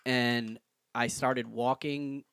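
A young man co-hosting a casual podcast, telling stories in an animated way and jumping into loud, high voices when he quotes people. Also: extremely slow, vocal fry, clean tone. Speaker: podcast co-host. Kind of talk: casual chat. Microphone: podcast mic without pop filter.

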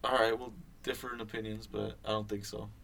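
A man's voice: on the low side, flat delivery, a little fast, gravelly, a bit bright, slight background noise. A young man co-hosting a podcast, chatting casually, rambling with lots of fillers and swearing. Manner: rambling, swears a lot, many fillers and restarts. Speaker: podcast co-host. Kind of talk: casual chat.

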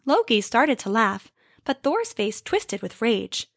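A woman telling a storybook tale aloud with an expressive, lively reading. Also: fairly high pitch, slow pace, no echo, clean studio sound.

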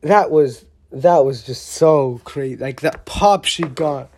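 Slow, mellow, rambling wrestling reviewer. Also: mid-range voice. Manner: rambling, excitable, with many restarts; blunt, with mild swearing. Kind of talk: casual opinionated review.

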